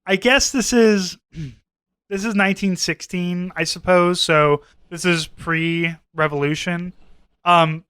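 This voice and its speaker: Bright, clear-voiced man chatting loosely. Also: sits high, fairly even intonation, slow, no room sound. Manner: rambling, retells scenes with quoted voices, swears. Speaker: podcast co-host. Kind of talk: casual chat.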